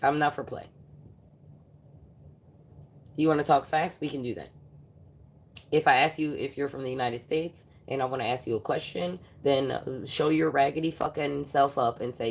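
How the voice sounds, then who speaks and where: This livestream host is a woman with a rumbling low, creaky voice who talks fairly quickly. She rants angrily and confrontationally, swearing a lot.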